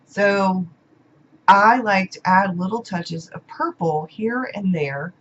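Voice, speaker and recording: A woman's voice: medium pitch, slow pace, a bit bright, a little hiss or hum. Woman vlogger, heartfelt and gushing, repeats words, slightly muffled home recording. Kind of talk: casual unboxing chat. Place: home room.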